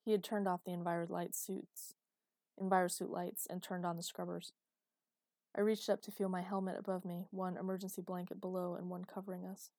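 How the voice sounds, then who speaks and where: A woman with a low, mellow rather than bright voice narrates a first-person romance audiobook fairly quickly, in steady, intimate storytelling. The recording is close and dry, with no room sound or echo.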